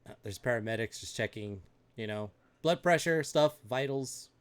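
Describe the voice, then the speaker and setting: A man's voice: mid-range voice, lively intonation, moderate pace, clear, resonant tone. Casual man running a tabletop game. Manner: casual, lots of fillers and laughter. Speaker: game master. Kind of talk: improvised tabletop game narration.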